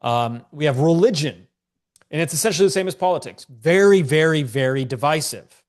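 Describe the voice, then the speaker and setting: A congested man runs a live-streamed business lesson in a loose, joking, slangy manner. His voice sits a touch higher than most men's. He addresses his viewers directly and keeps the tone informal. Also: animated, brisk, darkish tone. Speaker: online business coach. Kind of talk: live-streamed teaching session.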